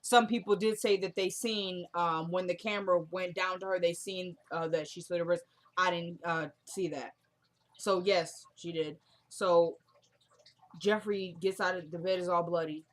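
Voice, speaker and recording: A woman's voice: on the low side, steady tone, normal speed. A woman recapping a TV drama episode in a casual, chatty, opinionated way. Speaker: TV show reviewer.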